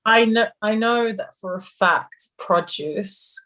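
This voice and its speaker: A woman's voice: mid-range voice, slow, fairly bright tone, low-quality recording. A young adult woman with an Australian accent tinged by London, chatting casually as a guest in an interview and rambling a little. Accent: Australian, with some London influence. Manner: rambling, chatty, laughs often. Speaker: guest musician.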